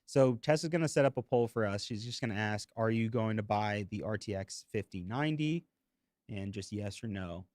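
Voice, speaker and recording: A man's voice: lowish voice, moderate pace, darkish tone, no room sound, clean studio sound. A man hosting a live streaming tech podcast, chatting casually and drawing in the audience. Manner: upbeat, engaging the audience. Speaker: podcast host.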